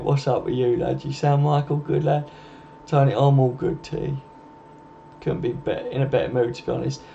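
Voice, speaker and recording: Man, mellow tone, casual chat, faint noise behind. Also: medium pitch, gravelly. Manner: chatty, matey, addresses viewers as mate. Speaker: host. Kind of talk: casual live-stream chat reading comments. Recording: dull lo-fi home stream with faint noise.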